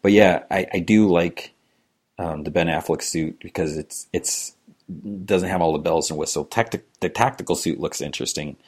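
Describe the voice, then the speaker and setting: A man's voice: sits low, moderate pace, breathy edge. A man hosting a podcast alone, chatting casually and reading listener emails, rambling with lots of fillers. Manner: rambling, frequent "you know" fillers, chuckles. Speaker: podcast host.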